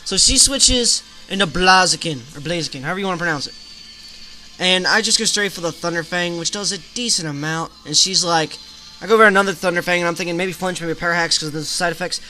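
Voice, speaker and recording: A man's voice: high voice, quick pace, bright, forceful tone, faint music behind. A man hosting a gaming channel, casually retelling a game battle move by move in a chatty play-by-play.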